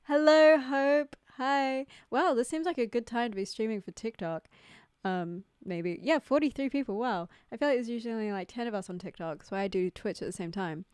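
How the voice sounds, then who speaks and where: A woman's voice: medium pitch, expressive, fairly quick, a little mellow, smooth, dry recording, studio quality. A young woman hosting a casual livestream from home, chatty and giggly, full of "like" fillers, talking into a desk mic. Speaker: livestream host. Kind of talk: casual live-stream chat. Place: home room. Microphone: desk microphone, no headphones.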